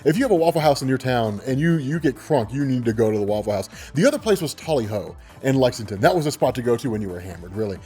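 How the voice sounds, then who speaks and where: A man in his twenties telling a story on his own channel in a loose, animated way, laughing often and swearing freely. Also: medium pitch, quick pace, hardly any pauses, husky. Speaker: vlogger. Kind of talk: casual storytelling.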